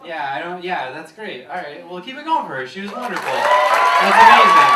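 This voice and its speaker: A man's voice: sits high, animated, moderate pace, heavy background noise. A man hosting a comedy show on stage, doing playful, laughing crowd work and joking at his own expense. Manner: playful, laughing, self-deprecating banter. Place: large theater on stage. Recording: echoey hall, distant mic, loud crowd. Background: loud audience laughter.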